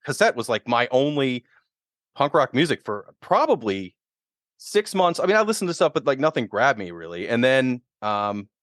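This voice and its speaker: A man's voice: medium pitch, normal speed, dry recording, studio quality. A man, telling stories as a guest on a casual podcast chat and acting out quotes as he goes. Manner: animated storyteller, acts out quotes. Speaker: guest musician.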